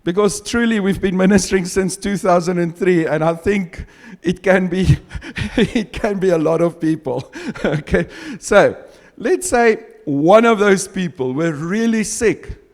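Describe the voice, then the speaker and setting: A man whose first language is Afrikaans, preaching a sermon and reading scripture slowly and with emphasis, chuckling often between points. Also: sits high. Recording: long hall reverb.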